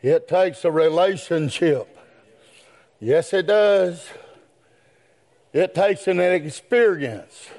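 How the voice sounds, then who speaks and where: A male preacher whoops and chants his sermon, shifting between brisk murmured asides and prolonged shouted phrases. He talks in a folksy way and keeps calling on the "brethren."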